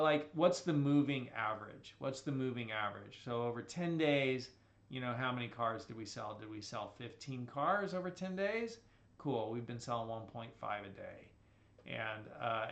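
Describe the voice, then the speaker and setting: A man's voice: medium pitch, vocal fry, fairly bright tone. Man teaching statistics with a slight Southern twang. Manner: conversational, repeats phrases, asks "right?". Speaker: statistics instructor. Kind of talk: recorded lecture. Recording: echoey room.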